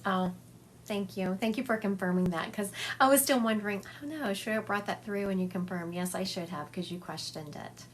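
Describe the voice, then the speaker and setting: A woman's voice: medium pitch, a little fast, a little hiss or hum. A woman psychic medium giving a chatty livestream reading, relaying and acting out spirit messages for her viewers. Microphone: phone livestream.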